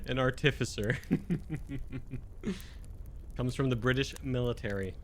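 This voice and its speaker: A man's voice: mid-range voice, fairly even intonation, slow, a little hiss or hum. A man co-hosting a casual podcast as a player; he laughs a lot and digs in stubbornly when he debates.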